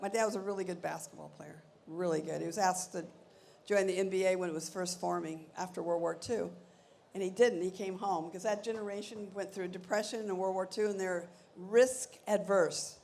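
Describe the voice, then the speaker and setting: An older woman sits for an on-stage interview, sharing stories from her life. Her voice has a gravelly edge, and she acts out the people she quotes with lively energy. A faint background hum sits under the voice. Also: mid-range voice, a little fast. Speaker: interview guest. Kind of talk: anecdotal storytelling on stage.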